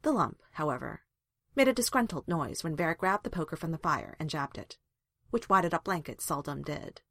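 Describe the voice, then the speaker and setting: Low-voiced woman reading a story. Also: animated, a little fast, a bit bright, no room sound, clean studio sound. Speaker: reader. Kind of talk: storybook narration.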